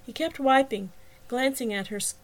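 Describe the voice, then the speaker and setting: A woman reading her own novel aloud as an audiobook narrator. Her voice sits fairly high and she tells the story expressively, with a scripted, steady delivery. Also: moderate pace.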